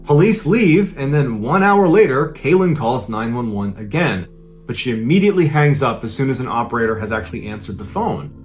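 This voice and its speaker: A man recounts a true-crime story, casual and conversational but building suspense. His voice sits at a mid pitch with faint music underneath. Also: animated, a little fast. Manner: dramatic, conversational retelling.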